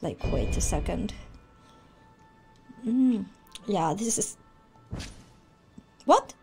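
A woman streaming a video game, reacting excitably with shouts and swearing. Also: medium pitch, extremely slow, gravelly, breathy edge, faint music behind. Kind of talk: live gameplay reaction.

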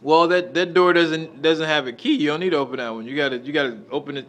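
A man's voice: a little high, fairly even intonation, fast talker, hardly any pauses, a bit bright. A man filming on a phone, playfully coaxing a child and stammering over his repeats. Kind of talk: casual coaxing chat.

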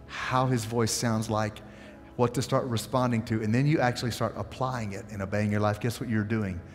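A man's voice: mid-range voice, long reverb tail. A man preaching a sermon as pastor, telling a story and asking the congregation questions. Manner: animated storytelling, asks the audience questions. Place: church sanctuary.

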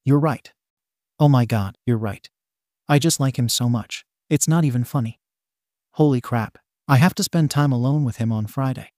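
A man's voice: medium pitch, moderate pace, a little mellow, no echo, clean studio sound, natural voice. A man reading as a flustered, rambling teenage boy. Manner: stammering, babbling.

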